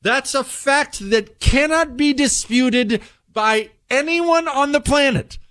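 A man's voice: very high-pitched, slow, a bit bright, dry recording. A man hosting a radio talk show, delivering an opinionated monologue in an incredulous, emphatic, rambling way.

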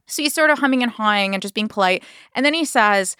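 A woman telling a story to podcast hosts in a casual, animated way, laughing as she goes and acting out what people said. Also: fairly high pitch, fairly quick, dry recording, studio quality. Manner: animated, laughs while telling, acts out quotes.

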